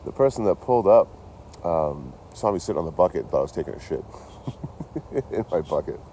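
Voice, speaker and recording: A man's voice: low voice, expressive, fairly quick, dark tone, a little hiss or hum. A young man telling a rambling story outdoors near his camp, swearing and laughing often. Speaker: vlogger. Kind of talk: casual storytelling.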